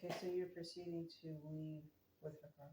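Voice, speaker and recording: Low-voiced woman asking from far off. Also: level tone, fairly quick. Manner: brief prompting questions. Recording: distant, echoey, faint noise.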